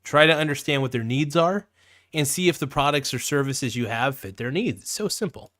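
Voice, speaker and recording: A man hosting a podcast in casual chat, blunt and animated, swearing freely. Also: medium pitch, a little fast, no echo, studio quality. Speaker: podcast host.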